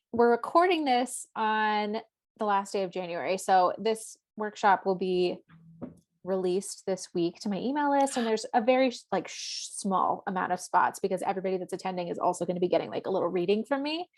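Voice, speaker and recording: A woman's voice: medium pitch, expressive, normal speed. A woman co-hosting a podcast, talking casually about astrology in a chatty, rambling way full of "like". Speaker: podcast co-host.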